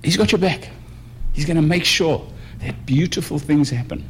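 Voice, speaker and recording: A man preaching a sermon in a conversational way, moving between quiet musing and raised emphasis. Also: on the high side, moderate pace, a little hiss or hum. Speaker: pastor.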